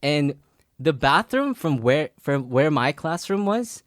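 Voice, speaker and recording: A man's voice: fairly high pitch, big pitch swings, slow pace, dry recording, studio quality. A young man, a podcast co-host telling a long story in casual chat, full of fillers and restarts and laughing as he goes. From Philippines. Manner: rambling, filler-heavy, laughs through his story.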